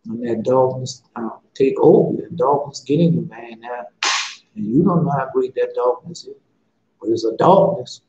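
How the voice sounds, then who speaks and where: In an echoey, muffled, slightly noisy recording, a man delivers an impassioned street-style sermon, pleading casually and repeating himself a lot. His voice is warm and medium-pitched, at a normal speed.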